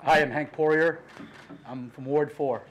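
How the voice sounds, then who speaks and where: At a city council meeting, a middle-aged man gives unscripted public comment into a podium microphone, impassioned yet halting and restarting often. His voice is a little high with fairly even intonation, and the recording sounds lo-fi.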